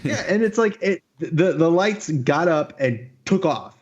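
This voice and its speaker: A man's voice: fairly high pitch, lively intonation, measured pace, husky. A man co-hosting a podcast in casual chat, rambling with many fillers and restarts. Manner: rambling, hesitant, laughs often. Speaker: podcast co-host.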